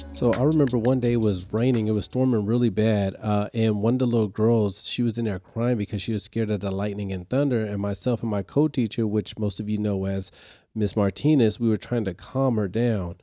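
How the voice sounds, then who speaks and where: Man, podcast host, low mellow voice, dry close sound, animated casual storytelling. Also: a little fast, no room sound. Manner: animated, exasperated retelling; speaks straight to listeners in slang.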